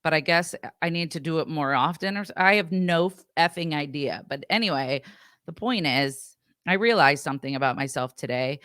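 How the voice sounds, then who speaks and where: A woman co-hosting a podcast chats casually, rambling through a story and acting out what other people said with animated energy. Her voice sits low and her pace is moderate. There's no room sound at all.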